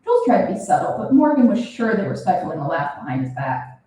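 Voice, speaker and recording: A woman's voice: medium pitch, fairly quick. Young woman reading her story aloud, roomy. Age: young adult. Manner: expressive, animated reading. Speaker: student author reading her fiction. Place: reading event room. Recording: roomy, from a distance.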